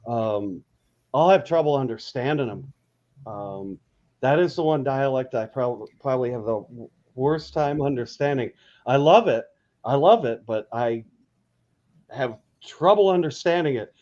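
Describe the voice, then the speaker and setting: A man's voice: mid-range voice, animated, a little slow, a little mellow. A man hosting a casual chat, talking in a rambling way with many ums and restarts. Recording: dull lo-fi audio.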